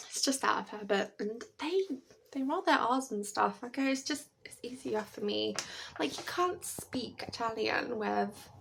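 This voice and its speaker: A woman's voice: a little high, lively intonation, a little slow, gravelly, a bit bright, breathy edge. A British woman chatting to camera at home in a rambling, chatty way, laughing often. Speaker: vlogger. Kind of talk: casual chat to camera.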